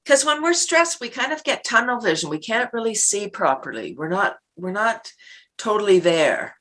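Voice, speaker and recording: A woman's voice: mid-range voice, big pitch swings, moderate pace, fairly bright tone. A middle-aged woman guest on a podcast, talking casually and animatedly, laughing often and acting out little everyday scenes. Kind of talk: casual interview talk.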